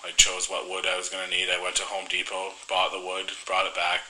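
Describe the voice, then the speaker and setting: Young male co-host, casual and joking; lowish voice with a very bright tone. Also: monotone, a little fast, rough recording. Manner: joking, rambling storyteller. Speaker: podcast co-host. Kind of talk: casual chat.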